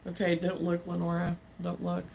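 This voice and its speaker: Gravelly low-voiced woman chatting casually. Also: monotone, highs cut off, a little hiss or hum. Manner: chatty, halting, replies to viewer comments. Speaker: livestream host. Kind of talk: casual chat while crocheting.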